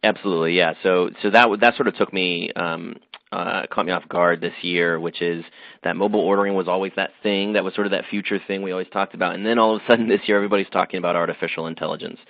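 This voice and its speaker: A man's voice: low-pitched, fairly even intonation, fast, no echo. A man, a magazine editor, answering interview questions thoughtfully, with frequent fillers and restarts. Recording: dull, dry sound.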